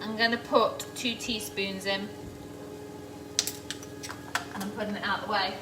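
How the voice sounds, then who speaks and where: A middle-aged woman hosts a live stream from her home kitchen, cooking as she chats casually and greets viewers by name. Her medium-pitched voice moves little in pitch and keeps a measured pace. Heavy background noise, an echoey room, a faraway mic, and clattering pans mark the audio.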